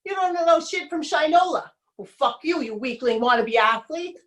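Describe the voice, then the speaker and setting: A woman voicing two brothers shouting curses at each other, on stage. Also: high-pitched, expressive, moderate pace, pitched above the performer's own voice. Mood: furious. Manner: shouting insults. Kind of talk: solo stage performance. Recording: roomy stage sound, mic far off.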